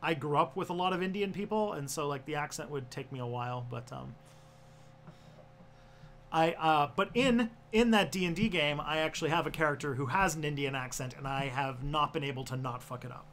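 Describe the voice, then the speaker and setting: A man's voice: a little high, fairly quick, a bit bright, a little hiss or hum. A man hosting a casual livestream, rambling with lots of fillers and restarts. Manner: rambling, full of fillers and self-corrections. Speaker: livestream host.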